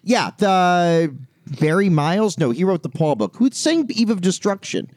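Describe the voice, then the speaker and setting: Guy cohosting a chill music podcast, bit higher voice, dry close sound, jokey and laughy. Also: very animated, normal speed, darkish tone, no room sound. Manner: joking, laughs often, restarts sentences. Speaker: podcast co-host. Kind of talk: casual chat.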